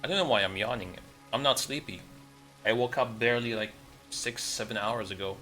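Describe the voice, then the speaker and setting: A man giving casual, sarcastic commentary while playing a game, blunt and quick to swear. His voice sits in a middle register with a bright edge. Faint game music and rain play behind him. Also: medium pitch. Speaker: gaming streamer.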